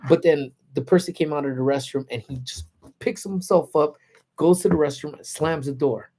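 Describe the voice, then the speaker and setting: A man's voice: a little high, normal speed. Laid-back man telling stories on livestream. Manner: animated, laid-back slangy talk. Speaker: livestream host. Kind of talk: casual storytelling. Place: parked car.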